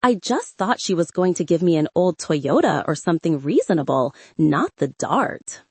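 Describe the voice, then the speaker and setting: Brief: woman audiobook narrator, wry and expressive, animated pitch, dry close studio sound. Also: normal speed, few pauses, slightly rough, dry recording. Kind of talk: scripted first-person narration.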